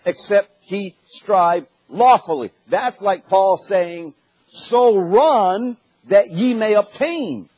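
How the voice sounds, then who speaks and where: A man's voice: a little high, darkish tone, slightly rough, no room sound. A man preaching a sermon, emphatic, repeating key phrases and building to raised peaks, on a dull lo-fi recording.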